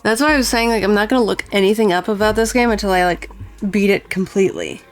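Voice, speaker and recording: A woman's voice: mid-range voice, fast talker, faint music behind. A woman streaming a game, chatting casually and playfully, laughing and reading lines aloud. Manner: playful and giggly, reads game dialogue aloud. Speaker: gaming streamer. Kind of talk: casual let's play commentary.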